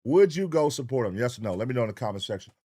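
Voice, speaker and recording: A man's voice: mid-range voice, lively intonation, racing, warm tone, husky. A young man hosting a late-night livestream, loose and profane, calling out chat names in a sing-song way. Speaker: livestream reaction host. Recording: faint hip hop music behind. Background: faint hip hop music.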